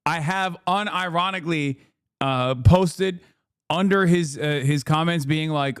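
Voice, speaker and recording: A man's voice: a little high, a little slow, smooth, no room sound, clean studio sound. A male live streamer giving casual reaction commentary, profane, mocking and sarcastic.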